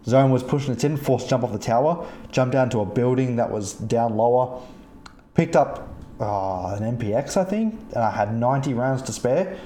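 A man hosting a podcast, telling gaming stories in an animated, profane way and acting out the other players. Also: mid-range voice, normal speed, reverberant, a little hiss or hum. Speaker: podcast host. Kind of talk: casual storytelling chat.

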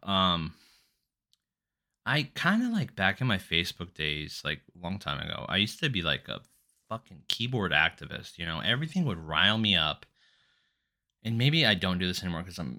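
A man hosting a solo podcast, telling a story in a rambling, profane and exasperated way. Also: low-pitched. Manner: animated, exasperated. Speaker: podcast host.

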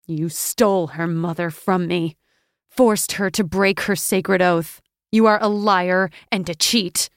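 A woman voicing a proud war goddess with a low, powerful delivery in an audiobook. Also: steady tone, a little slow, darkish tone, no room sound, clean studio sound. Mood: indignant.

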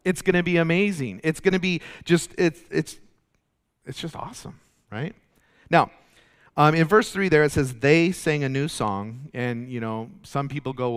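A man's voice: medium pitch, moderate pace, clear, resonant tone. A man preaching a sermon with emphatic delivery, often repeating words as he builds a point. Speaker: pastor.

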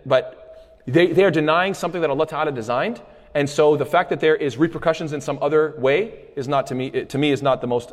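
A man teaching a lecture on hadith, conversational and quick, with frequent restarts and phrases mixed in. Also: mid-range voice. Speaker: Islamic studies teacher. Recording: long hall reverb.

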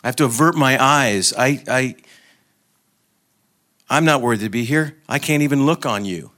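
A man's voice: medium pitch, moderate pace, pushed and bright, pitched above the performer's own voice, lightly acted. A man voicing a guilty human soul who stammers that he is unworthy. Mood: pleading. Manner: flustered, stammering protest.

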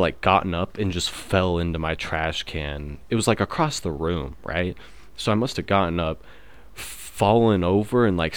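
A young man in his twenties, hosting his own podcast and telling stories in a laid-back, swear-heavy way, full of fillers. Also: low voice. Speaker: podcast host. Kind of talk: casual storytelling monologue.

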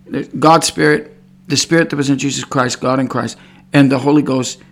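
A man speaks at a moderate pace in a steady, medium-pitched voice, preaching an informal sermon. He rambles and repeats words, at times growing fervent and crying out praise.

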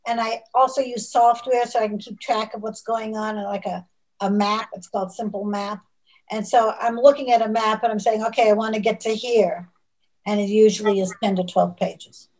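A woman who writes novels, answering questions in a measured, thoughtful way during a casual chat. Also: mid-range voice, steady tone, a little mellow, rough recording. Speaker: novelist guest.

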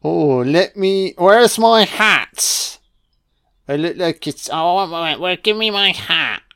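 A man's voice: expressive, slow, creaky, a bit bright, smooth, dry recording, clean studio sound, full character voice. A man voicing a laid-back, friendly male snowman who keeps calling everyone mate. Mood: pleased. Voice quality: mumbled, low, chummy with lots of "mate".

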